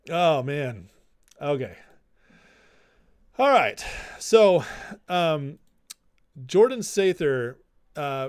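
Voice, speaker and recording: Guy hosting a political stream, mid-pitched, talks loose and chatty, dry close sound. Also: no room sound. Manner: conversational, reads viewer comments aloud. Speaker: livestream host. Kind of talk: casual political commentary.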